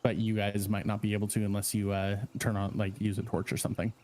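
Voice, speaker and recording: Low-voiced man running a tabletop game. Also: fast. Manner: relaxed, filler-heavy explaining. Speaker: dungeon master.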